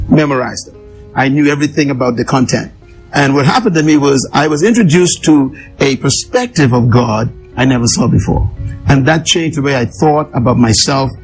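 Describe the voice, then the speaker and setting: An earnest man recounts his own life story in an interview, a mid-pitched voice that he presses for emphasis. He often repeats key words and phrases to drive each point home. Faint music plays softly underneath. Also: rough recording. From an island nation.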